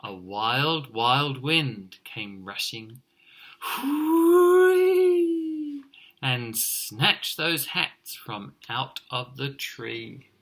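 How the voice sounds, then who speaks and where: Slow, gravelly teacher reading aloud. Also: male voice, medium pitch. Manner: expressive, encouraging, pointing things out. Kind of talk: reading a picture book aloud to children.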